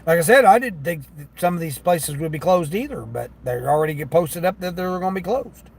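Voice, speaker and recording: A man's voice: fairly high pitch, expressive, brisk, darkish tone, a little hiss or hum. A man livestreaming while driving for delivery apps, chatting casually and complaining about customers who don't tip. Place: in a car.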